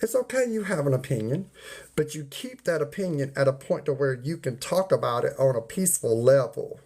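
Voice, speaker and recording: With a darkish mid-range voice, lively intonation, and a fairly quick pace, this streamer goes on a casual rant to his audience. He's folksy and preachy, dropping y'all and ain't, repeating himself, and calling out people in the chat by name.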